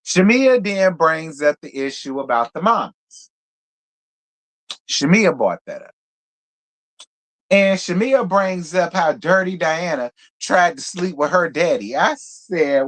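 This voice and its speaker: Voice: medium pitch, big pitch swings, measured pace, a bit bright. A reality TV review host giving a live recap, blunt and profane, repeating points for emphasis and talking straight to viewers. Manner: talks straight to viewers, calls them girl and y'all.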